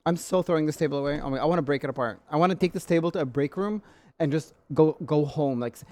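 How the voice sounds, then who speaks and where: A man's voice: a little high, fast, a little mellow. A young man streaming live, ranting in an irritated, sweary way and repeating his questions as he complains. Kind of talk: casual live-stream chat.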